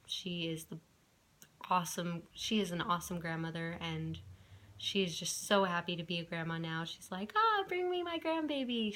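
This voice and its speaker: A woman's voice: fairly low pitch, fairly bright tone. A young woman telling a personal story to her camera in a chatty way, with many fillers and restarts. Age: young adult. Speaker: vlogger.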